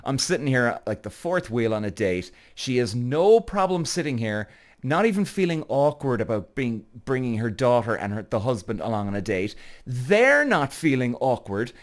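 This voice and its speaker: A man's voice: medium pitch, moderate pace. Irish male podcast host, casual storyteller, voice swoops up and down, exasperated. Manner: animated, exasperated retelling.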